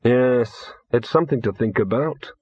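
A man doing an earnest young hero, husky. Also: medium pitch, measured pace, darkish tone, dry recording, muffled recording. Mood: reassuring. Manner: encouraging, apprehensive. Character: earnest young man, anxious but hopeful.

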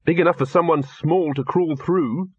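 A man doing an earnest young hero, husky. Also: mid-range voice, expressive, moderate pace, fairly bright tone, no room sound, dull audio. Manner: encouraging, apprehensive. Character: earnest young man, anxious but hopeful.

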